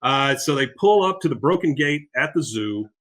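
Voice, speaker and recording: A middle-aged man recapping a cartoon episode on his podcast, rambling along with plenty of fillers. His voice is bright and forward. He keeps it loose and casual. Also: mid-range voice, expressive, moderate pace. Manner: rambling, with many fillers and laughs. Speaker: podcast host.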